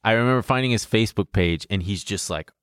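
A young man chats through a long personal tale, rambling and swearing with bursts of laughter. His voice sits on the low side. The sound is dry and close, with no room echo. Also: fast, a bit bright, clean tone. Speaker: podcast co-host. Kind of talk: casual storytelling chat.

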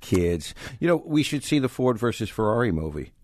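A man's voice: mid-range voice, sing-song, moderate pace, dry recording. A man co-hosting a casual podcast, tossing in dry, teasing remarks. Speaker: podcast co-host. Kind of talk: casual chat.

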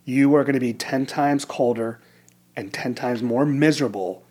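A man's voice: medium pitch, moderate pace, darkish tone. A man in his fifties from the United States, a former Navy SEAL officer, telling his story in an earnest, reflective way with frequent restarts. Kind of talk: casual conversational storytelling.

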